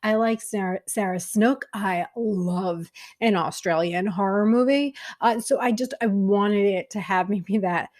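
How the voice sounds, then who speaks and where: A woman's voice: medium pitch, a little slow, hardly any pauses, darkish tone. A woman casually reviewing films she watched, chatty and candid, with frequent fillers. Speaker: film vlogger.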